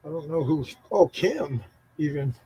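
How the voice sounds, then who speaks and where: A man's voice: a little high, expressive, unhurried, warm tone, husky, no echo, highs cut off. A man in a casual chat, joking and swearing a lot.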